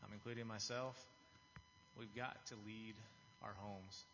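At a measured pace, this man speaks in a lowish, fairly bright voice with fairly even intonation. As a lay speaker he gives a confessional, earnest church testimony, often restarting phrases, and the reverberant hall recording is dull with a little hiss or hum.

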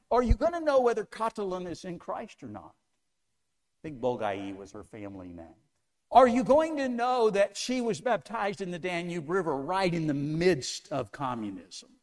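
A man preaching a sermon to a congregation, asking them one question after another with an emphatic delivery. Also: high-pitched. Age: older.

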